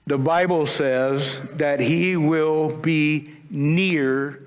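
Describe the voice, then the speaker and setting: A man draws out his words in a fairly high, fairly even voice while preaching to his congregation. This pastor speaks in a casual, conversational way and tosses in humorous asides. The church sanctuary gives the sound a long reverb.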